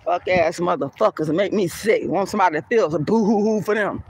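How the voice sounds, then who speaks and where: A woman's voice: on the low side, brisk, darkish tone, husky. A woman activist ranting to camera outdoors, heated, cursing and scornful. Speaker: colorism activist. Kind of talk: angry profane rant to camera.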